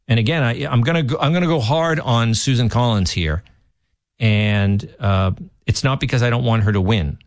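A man's voice: mid-range voice, dry recording, clean studio sound. A man filling in as a talk radio host, giving opinionated political commentary with emphatic, restarting delivery.

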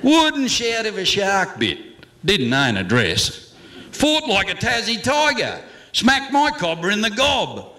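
A man's voice: sits high, wildly swooping pitch, slow, pushed and bright. A man with an Australian accent reciting comic slang verse in a rollicking, theatrical way.

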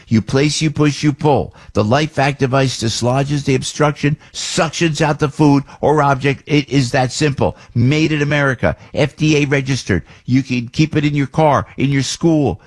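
A man from New Jersey hosting a talk radio show, animated, swinging between loud outbursts and low asides as he reads live ads.

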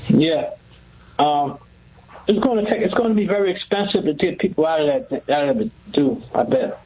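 A man calling in to a radio show, speaking haltingly and repeating his words. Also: a little high, expressive, a little mellow, slightly rough, low-quality recording. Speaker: caller. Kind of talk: call-in radio talk.

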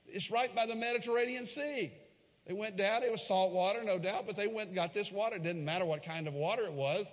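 A man with a slightly high voice preaches a sermon, telling a Bible story with rising emphatic peaks and dropping into quiet, low asides. His voice carries a long reverb, as if it fills a large church sanctuary. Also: expressive, fast talker. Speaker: pastor.

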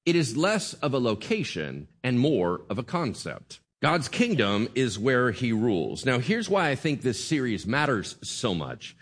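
A man preaching a sermon to his congregation, conversational and animated, often checking in with the crowd. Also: mid-range voice, measured pace, hardly any pauses. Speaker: pastor.

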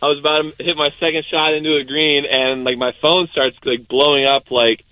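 A young adult man, a baseball pitcher, chatting casually as a guest, rambling with many fillers. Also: flat delivery, a little fast, pushed and bright, dull audio. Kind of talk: casual interview chat.

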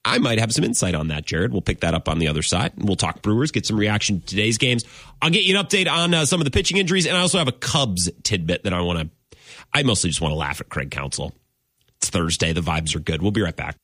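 Animated sarcastic sports radio host, man. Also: on the low side, brisk, no room sound, clean studio sound. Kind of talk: casual sports talk radio.

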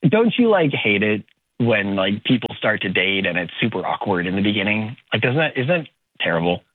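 A man's voice: fairly low pitch, very animated, a little fast, husky, dry recording. Hesitant man on a tinny phone line. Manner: hesitant, many fillers. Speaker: caller. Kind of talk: nervous phone call.

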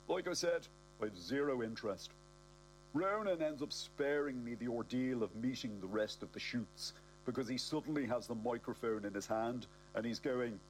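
A man's voice: mid-range voice, expressive, normal speed, slight background noise, low-quality recording. A man with a South Dublin accent narrating a comic audiobook, cocky and self-mocking.

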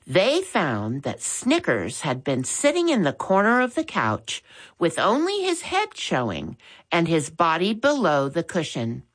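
A woman reading a children's chapter book aloud in a slow, expressive way. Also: deep voice. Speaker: storyteller.

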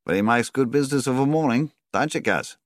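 A relaxed, wry barman, read by a man. The voice is raised above the reader's deep register and recorded close and dry. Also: brisk, no echo, lightly acted. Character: easygoing male barman, wry.

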